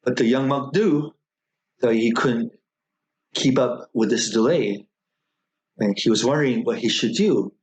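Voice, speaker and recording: A man who serves as a Buddhist minister, telling a folktale in a dharma talk with slow, measured phrasing and many pauses. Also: medium pitch, rough recording.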